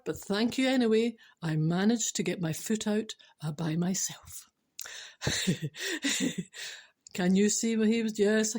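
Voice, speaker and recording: A woman's voice: medium pitch, darkish tone. A Scottish woman chatting casually as she tells funny stories, giggling and making asides to the viewer. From Scotland. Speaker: vlogger telling funny stories. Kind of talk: casual storytelling.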